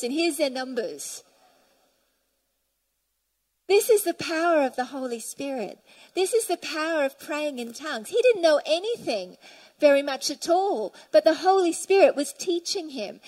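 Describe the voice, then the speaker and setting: Female preacher, high-pitched, fervent sermon delivery with scripture reading, church setting. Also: a little mellow, low-quality recording. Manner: fervent, reads scripture aloud and tells stories.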